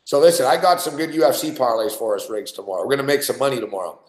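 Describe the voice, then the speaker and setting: A man's voice: mid-range voice, very fast, echoey room, low-quality recording. A man hosting a sports betting show, telling profane, laughing stories about guests in casual studio banter. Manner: profane, storytelling, laughs often.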